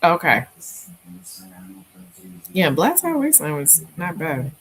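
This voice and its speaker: Woman, book club regular; unhurried, rambling delivery full of fillers, low register. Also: huge pitch swings, fairly bright tone, slight background noise, poor audio. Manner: rambling, hesitant, many fillers. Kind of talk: casual book chat.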